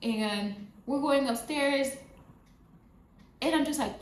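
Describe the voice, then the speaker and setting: Animated woman telling a story. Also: medium pitch, slow pace. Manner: animated retelling, repeats phrases for emphasis. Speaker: vlogger. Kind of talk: casual storytime. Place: near a road with passing cars. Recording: roomy sound with faint traffic noise. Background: passing traffic.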